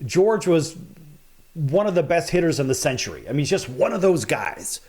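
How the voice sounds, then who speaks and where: A man's voice: a little high, sing-song, moderate pace, darkish tone. Enthusiastic male talk show host. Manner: enthusiastic, laughs often. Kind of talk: live broadcast interview.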